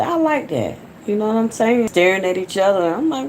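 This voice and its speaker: A woman's voice: medium pitch, expressive, moderate pace, darkish tone, slight background noise. A woman from Atlanta with a Southern American accent, chatting casually and rambling to her viewers on a phone livestream from home. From Atlanta, Georgia, USA. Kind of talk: casual live-stream chat.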